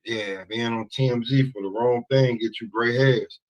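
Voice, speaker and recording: A man's voice: mid-range voice, fairly even intonation, moderate pace, highs cut off. A man chatting casually as a co-host, laid-back and profane in his banter. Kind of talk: casual chat.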